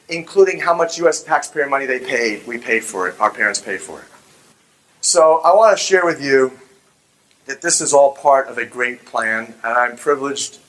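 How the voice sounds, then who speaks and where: A man's voice: a little high, rough recording. A middle-aged man giving a fervent, religious public talk, telling a story and acting out the voices of the people in it. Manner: animated storyteller who acts out quoted voices. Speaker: public speaker.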